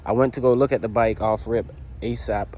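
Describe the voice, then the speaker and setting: A man's voice: medium pitch, steady tone, brisk, darkish tone. Man slangy, rambling garage vlogger. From U.S. Virgin Islands. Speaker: motorcycle builder. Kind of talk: casual vlog talk. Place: home garage.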